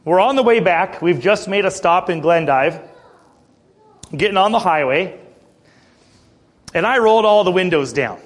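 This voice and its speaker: Animated, high-voiced man preaching a sermon. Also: normal speed, long pauses. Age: 30s. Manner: earnest, conversational, with asides and rhetorical questions.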